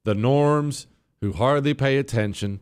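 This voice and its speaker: Male talk radio host, mid-pitch, combative and sarcastic, emphatic drawn-out delivery. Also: clear, resonant tone. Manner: combative, sarcastic, emphatic, slows down to stress points. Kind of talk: political talk radio monologue.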